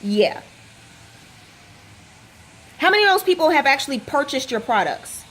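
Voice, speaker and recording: A woman's voice: sits high, very animated, moderate pace, a bit bright. A woman fitness coach giving a motivational vlog rant, hammering home rhetorical questions. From Texas. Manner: emphatic, repeats rhetorical questions.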